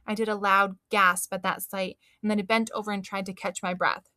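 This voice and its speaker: A woman reading a children's book aloud in an expressive, animated storytelling manner. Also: mid-range voice, fairly quick, dry recording, clean studio sound.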